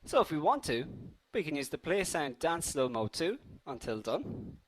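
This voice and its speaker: A man's voice: fairly high pitch, big pitch swings, moderate pace, slight background noise. A young man hosting a live online coding tutorial, upbeat and chatty, addressing viewers as guys while a slight cold affects his voice.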